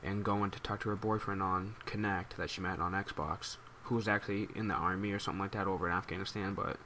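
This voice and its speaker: A man's voice: sits low, fairly even intonation, quick pace, bright, forceful tone, slight background noise. A man telling a rambling, amused story as casual commentary for his gaming channel. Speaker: gaming YouTuber.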